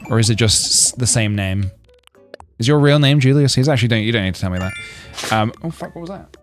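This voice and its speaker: A man chatting on a game stream, wandering from joke to joke as he reads out his chat. His pitch rises and falls a lot. Soft game music plays faintly underneath. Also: expressive, fast talker. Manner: rambling, joking asides, reading chat. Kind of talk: casual gaming stream chat.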